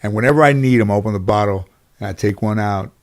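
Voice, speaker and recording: A man's voice: on the low side, fast. Rambling man telling stories. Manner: rambling, filler-heavy, animated when quoting others. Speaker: interview guest. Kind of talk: casual anecdotal storytelling.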